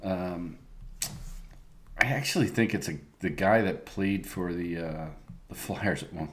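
A man's voice: low voice, unhurried, fairly bright tone. A man co-hosting a podcast in laid-back casual chat, swearing as he goes. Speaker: podcast co-host.

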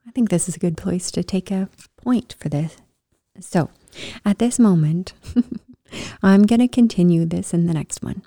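A woman telling her own story in a casual, animated way, swinging from loud bursts to soft whispers. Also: mid-range voice, no room sound, studio quality. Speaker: storyteller sharing a personal story.

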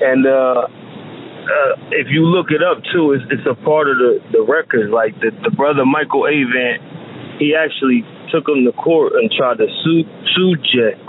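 A man's voice: mid-range voice, moderate pace. A man from New Jersey talking casually and emphatically on a phone call, with many restarts. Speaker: phone guest. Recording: tinny phone line with faint hiss.

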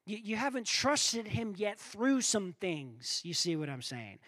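A preacher with a high-pitched voice delivers his sermon in an animated storytelling way. He acts out voices in his stories and keeps asking the congregation if they follow him. The sound is dry, with little room. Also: normal speed, dry recording. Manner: animated storytelling, acting out quoted voices, asks the crowd for responses.

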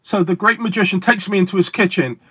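A man being interviewed as a guest magician, telling stories in a deliberate, emphatic way with pauses for effect. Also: high voice, a bit bright, slightly rough. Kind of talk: casual interview storytelling.

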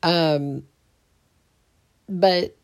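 Speaking very slowly in a fairly low voice, a woman rambles through a casual solo episode of her podcast. She's sleepy in the early morning and restarts often.

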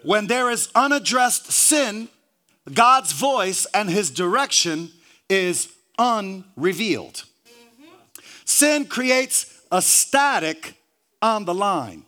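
A man preaching a sermon, peppering his phrases with hallelujah, stumbling and repeating words, joking with the congregation and rising to shouts. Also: high voice, sing-song, takes it slowly.

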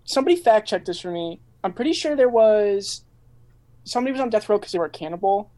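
A man's voice: high voice, expressive, quick pace, mellow. A man in a band, chatting playfully and cracking jokes in a casual interview. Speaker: band member. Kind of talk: casual chat.

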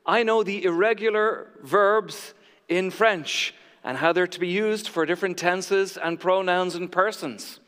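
A man's voice: sits high, a little slow, fairly bright tone, clear, resonant tone, long reverb tail. A male pastor giving a sermon with a jokey, self-mocking storytelling manner. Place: church sanctuary.

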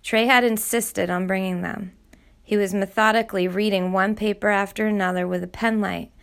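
A woman narrating a novel chapter in a steady, measured storytelling voice. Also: mid-range voice, vocal fry. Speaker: audiobook narrator. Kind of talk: scripted narration.

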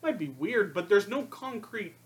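A man's voice: high-pitched, very animated, normal speed. A man co-hosting a casual film discussion, thoughtful and hedging as he builds his argument.

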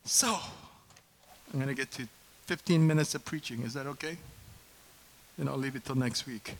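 A man in his fifties preaching a sermon as pastor, conversational and animated, often asking the congregation questions. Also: medium pitch, moderate pace, a little hiss or hum, poor audio. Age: 50s.

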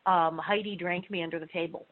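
Woman telling lively stories over a thin line. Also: lowish voice, brisk, a little hiss or hum. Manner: animated, laughing, acts out quoted voices. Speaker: guest author. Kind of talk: casual interview storytelling. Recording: phone-like narrow sound.

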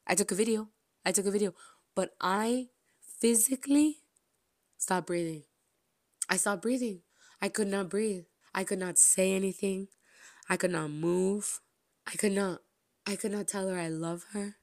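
A young woman hosting a podcast, telling a story with gushing, dramatic delivery, repeating phrases and swinging between loud exclamations and hushed asides. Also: mid-range voice, steady tone, moderate pace, dry recording, clean studio sound. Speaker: podcast host. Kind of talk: excited storytelling to listeners.

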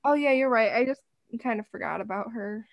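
A woman with a high voice co-hosts a casual podcast recap. She talks bluntly, with sarcasm and plenty of swearing, mocking the characters as she goes. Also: brisk, gravelly, highs cut off. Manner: blunt, profane, sarcastic retelling. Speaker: podcast co-host.

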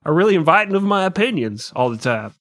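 A man voicing a brash, rambling conservative male listener on a comedy podcast, booming and macho. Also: sing-song, fast, fairly bright tone, no echo, clean studio sound. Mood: boisterous.

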